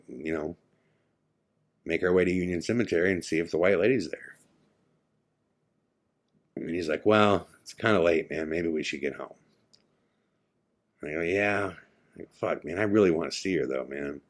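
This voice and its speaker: A man hosting a podcast, retelling a night out in a casual, animated way, acting out his friends' lines and going quiet for the eerie parts. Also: deep voice, normal speed, pauses often. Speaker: podcast host. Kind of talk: casual storytelling.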